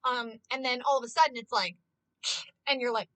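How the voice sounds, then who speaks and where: A woman streamer with a fairly high voice talks a little fast in a low-quality recording with no echo. Excitable and passionate, she rants in casual live-stream chat, swearing a lot and saying "like" constantly.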